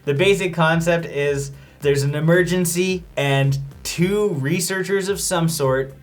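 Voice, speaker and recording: A man's voice: a little high, unhurried. A man hosting a casual movie review chat, joking and sarcastic about the film.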